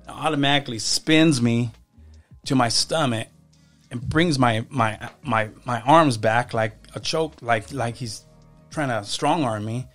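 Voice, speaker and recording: A man speaking as a podcast guest, telling his life story in a halting way and often repeating his words. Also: medium pitch, a bit bright, faint music behind. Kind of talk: personal testimony in casual conversation.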